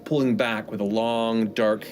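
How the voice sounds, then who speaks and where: A man's voice: medium pitch, fairly even intonation, a little slow, loud music behind the voice. A man narrating a tabletop game as game master, describing scenes with many fillers.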